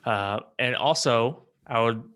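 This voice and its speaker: A male podcast co-host talks loosely about what he has been playing, starting over often. His voice sits at a mid pitch. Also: slow, a bit bright. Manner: rambling, hesitant, full of likes and restarts. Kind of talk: casual podcast chat.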